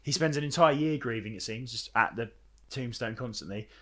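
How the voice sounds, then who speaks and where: A young man co-hosting a casual film podcast, talking in an animated, rambling way with frequent fillers and restarts. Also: mid-range voice, a little fast. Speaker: podcast co-host.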